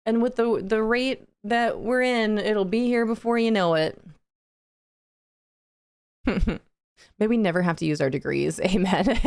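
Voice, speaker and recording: A woman's voice: mid-range voice, clear, resonant tone, no echo, studio quality. A young woman hosting a cozy game livestream, chatting with her viewers, reading their messages aloud and laughing often. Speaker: livestream gaming host. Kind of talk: casual chat with live chat.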